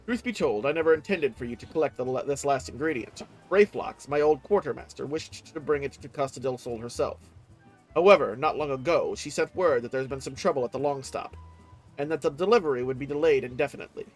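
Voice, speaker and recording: A man's voice: medium pitch, brisk, faint music behind, close to an everyday voice, poor audio. A man reading aloud the lines of a dignified older sea captain in a game, using formal, old-fashioned phrasing. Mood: earnest.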